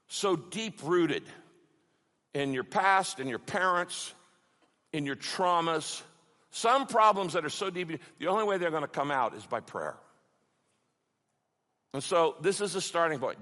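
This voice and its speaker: A middle-aged man preaching a sermon, passionate and emphatic, building to loud peaks. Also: a little high, sing-song, normal speed. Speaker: pastor. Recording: long hall reverb.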